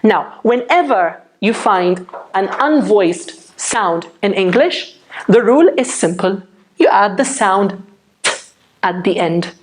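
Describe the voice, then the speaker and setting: A woman teaching English pronunciation in a slow, unhurried way. She explains each step patiently and keeps pausing to check that her viewers follow. Her voice has a middle pitch and a clear, careful classroom delivery. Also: lively intonation. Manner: patient, checks in often with "okay?".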